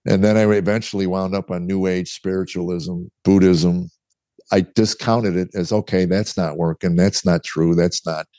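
A man's voice: low voice, fairly even intonation, moderate pace, mellow, dry recording. A middle-aged man, a guest author, telling his story candidly in conversation and acting out the dialogue he quotes. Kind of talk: interview storytelling.

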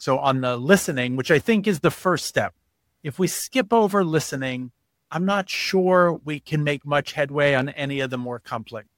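Man, interview guest, slightly high voice, animated, acts out quotes, dry close mic. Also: dry recording. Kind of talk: podcast interview.

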